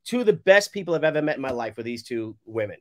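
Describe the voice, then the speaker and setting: A man in his fifties, a guest on a casual live talk show, telling animated stories and laughing easily. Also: medium pitch, fast. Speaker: guest comic creator.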